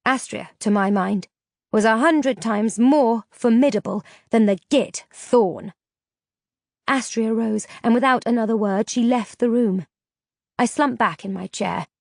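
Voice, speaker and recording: A woman narrating a fantasy novel in the first person with steady storytelling. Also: a little high, a little slow, gravelly, no room sound, clean studio sound. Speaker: audiobook narrator.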